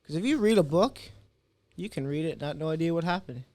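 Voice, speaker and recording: A young man in his twenties talks as a podcast guest, animated and quick to act out what others said. His voice sits a little high for a man. The sound is dry and close, with no room echo. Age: 20s. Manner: animated storyteller, acts out quotes. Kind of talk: casual interview talk.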